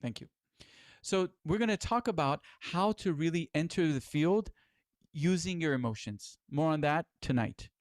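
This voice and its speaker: A man's voice: fairly high pitch, animated, normal speed, no room sound, studio quality. A middle-aged man giving a spiritual lecture as its teacher, earnest and exhorting, with casual swearing.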